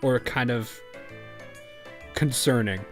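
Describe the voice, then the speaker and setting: A man's voice: mid-range voice, takes it slowly, faint music behind. A man giving casual commentary on a game he is playing, rambling with restarts and laughing often. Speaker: game streamer.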